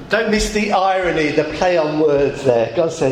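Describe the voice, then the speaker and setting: A middle-aged pastor preaching a sermon, emphatic and rhetorical, slowing words down for effect, in a church hall. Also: male voice, a little high, lively intonation, a little hiss or hum.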